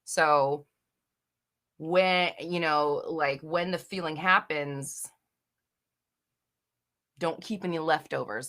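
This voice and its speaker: Bright-voiced chatty young woman streaming live. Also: deep voice, takes it slowly, pauses often. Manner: chatty, giggly and swearing, with many fillers. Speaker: host of a live Q&A chat. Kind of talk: casual live-stream chat, reading comments. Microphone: desk microphone.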